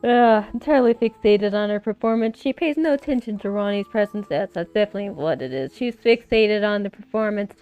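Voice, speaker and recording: A woman's voice: medium pitch, a little fast, few pauses, darkish tone, clean tone, highs cut off, faint music behind. A young woman streaming a text game, reading and reacting in a giggly, self-mocking way. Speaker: gaming streamer.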